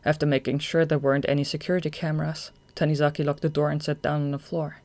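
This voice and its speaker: Brief: steady fan-audiobook narrator, plain mid-pitched reading. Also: fast.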